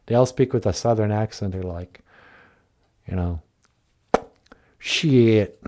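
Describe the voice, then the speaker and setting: A man's voice: fairly low pitch, moderate pace, mellow. A man hosting a casual live-stream chat, joking in a laid-back way and reading viewer comments aloud. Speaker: show host.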